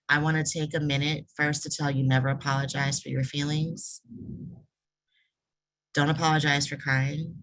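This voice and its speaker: A woman moderator on a video call. She talks casually with fillers and offers warm, affirming words to the panelists. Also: deep voice, rough recording.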